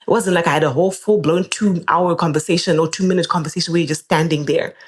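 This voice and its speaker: A young woman, a podcast guest telling a personal story in a casual, animated way, her voice jumping up whenever she quotes someone. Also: fast talker. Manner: animated, jumps up in pitch when quoting people.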